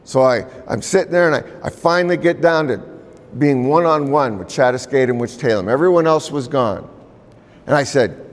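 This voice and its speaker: A man from the Pacific Northwest telling a story to a live audience in an unhurried, conversational way, with repeated names and pauses. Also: medium pitch. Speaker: storyteller and violinist. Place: large museum hall. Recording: long reverb in a large hall.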